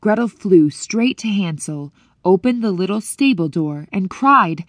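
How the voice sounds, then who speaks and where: A woman narrating an audiobook in clear, measured storytelling that lifts at moments of wonder. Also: mid-range voice, lively intonation, a bit bright, no room sound, studio quality. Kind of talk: scripted narration.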